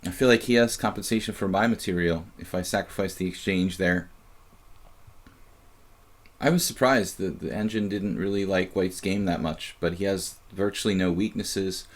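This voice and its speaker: A man with a lowish voice talks through a live chess game as he plays. He muses aloud in a halting way, trailing off and starting over, with frequent fillers between thoughts. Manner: musing, halting, many fillers and restarts. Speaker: chess streamer and commentator.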